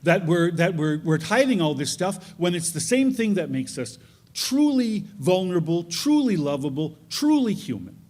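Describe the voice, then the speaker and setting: A man's voice: sits high, big pitch swings, normal speed, a little mellow. Chatty self-mocking man at a live show. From northern New York. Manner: self-deprecating, chatty, laughs at own jokes. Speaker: storyteller. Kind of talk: live storytelling performance. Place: live event stage.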